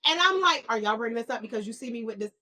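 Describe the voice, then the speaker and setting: Podcast co-host, young woman, bright voice, animated storyteller. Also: on the high side, racing. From New York. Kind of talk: casual chat over wine.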